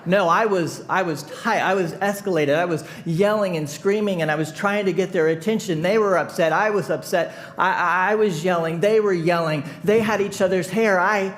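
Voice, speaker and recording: High-voiced animated pastor telling a story. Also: male voice, moderate pace, few pauses. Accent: Midwestern American. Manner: animated storyteller, laughing, shouting in retold scenes. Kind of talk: sermon storytelling. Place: church sanctuary.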